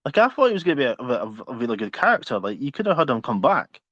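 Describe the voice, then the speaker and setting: A man's voice: mid-range voice, sing-song, fast talker, a bit bright, no room sound. A man co-hosting a podcast in casual chat, laid-back, with brief remarks and questions. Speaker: podcast co-host. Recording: dry, slightly dull sound.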